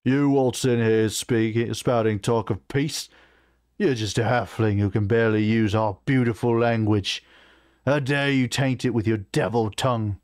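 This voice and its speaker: A man voicing a hot-tempered male orc war chief who snarls and shouts with contempt, read from a fantasy novel. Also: mid-range voice, steady tone, moderate pace, dry recording, clean studio sound, natural voice. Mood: scornful.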